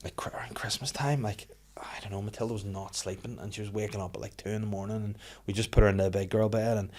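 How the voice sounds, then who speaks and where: A man's voice: fairly low pitch, fairly even intonation, quick pace, darkish tone. A man in his thirties, chatting on a podcast, swearing freely and acting out the people in his stories. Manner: swears a lot, acts out quoted people. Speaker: podcast host. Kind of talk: casual podcast chat.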